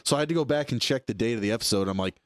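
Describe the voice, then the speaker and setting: A young man co-hosting a podcast, chatting casually about sports in a relaxed, rambling way with lots of fillers. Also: mid-range voice, very fast, dry recording, clean studio sound. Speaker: podcast co-host.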